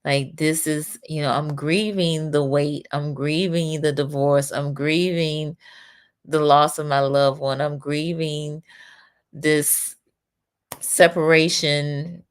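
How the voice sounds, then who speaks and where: A woman's voice: deep voice, fairly even intonation, takes it slowly, clean tone. A middle-aged woman hosting a talk show, reading out viewer comments and responding with empathy. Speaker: host. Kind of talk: casual talk show conversation.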